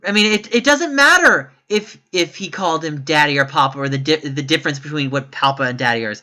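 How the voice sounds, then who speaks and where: Exasperated man with a bright voice. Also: lively intonation, fairly quick. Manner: emphatic and exasperated, with sudden high-pitched outbursts; rambling, self-correcting delivery. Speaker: YouTube commentator. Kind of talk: opinion commentary vlog.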